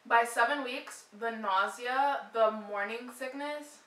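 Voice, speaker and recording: A young pregnant woman in her twenties vlogs about her morning sickness, chatting in a meandering way packed with "like" fillers. Her voice is a little high, bright and forceful, at a measured pace with few pauses. The distant mic picks up a roomy echo.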